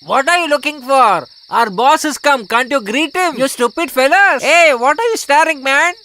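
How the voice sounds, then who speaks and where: A man's voice: very high voice, expressive, normal speed, pushed and bright, a little hiss or hum, heavily acted. A man voicing a rude, pushy young henchman in a dubbed film.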